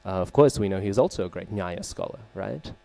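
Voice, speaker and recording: A man giving a scripture class at a temple, telling a story in a conversational way, often asking "right?" and pausing to search for names and terms. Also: sits low, lively intonation, vocal fry, mellow, no echo. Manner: conversational, frequent "right?" check-ins and fillers. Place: temple hall.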